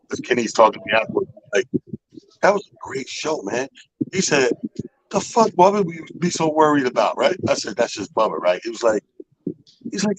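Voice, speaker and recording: A man's voice: fairly low pitch, breathy edge, no echo, rough recording. A man hosting a radio talk show, telling a profane story and acting out other people's lines. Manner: animated storyteller, acts out people's quotes, profane. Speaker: comedy show organizer. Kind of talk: casual storytelling chat.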